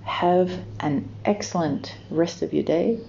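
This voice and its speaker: A woman from New Zealand narrating a children's story and explaining a festival, in a gentle, unhurried way, in a dull lo-fi recording. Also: lowish voice, creaky, a little hiss or hum. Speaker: storyteller, podcast host.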